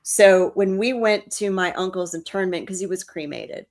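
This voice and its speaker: A woman's voice: mid-range voice, moderate pace. A woman co-hosting a paranormal talk show, chatting casually and telling stories with emotion and frequent restarts. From New Orleans. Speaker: co-host. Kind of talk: casual chat.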